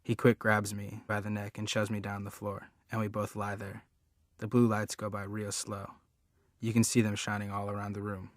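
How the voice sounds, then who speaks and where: A man narrating an audiobook in a plain, measured storytelling manner. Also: on the low side, monotone, dry recording, clean studio sound. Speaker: audiobook reader. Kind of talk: scripted narration.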